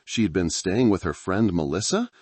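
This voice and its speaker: A man's voice: low voice, animated, normal speed, a little mellow, slightly rough, no room sound. A man reading a thriller story aloud as narrator, in a dramatic, tense storytelling manner. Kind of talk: scripted narration.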